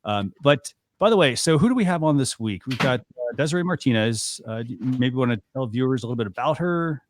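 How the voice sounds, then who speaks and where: A man's voice: mid-range voice, expressive, a little fast, background noise. Casual male talk show host. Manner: casual, loose, many fillers. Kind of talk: live talk show hosting.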